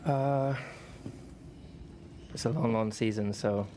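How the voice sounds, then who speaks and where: A man, a racing driver, giving a measured, calm answer at a press conference. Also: mid-range voice. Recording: noisy press room audio.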